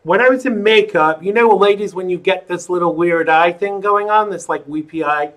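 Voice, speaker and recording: A man's voice: high-pitched, normal speed, fairly bright tone. A man hosting a live online talk show, rambling and joking with viewers between chatty asides. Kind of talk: casual livestream chat.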